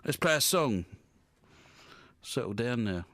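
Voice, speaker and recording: A man in a radio studio jokes live with his guests, his mid-range voice animated, a bit bright and unhurried. There's no echo on the recording, and his talk wanders, teases and turns self-deprecating.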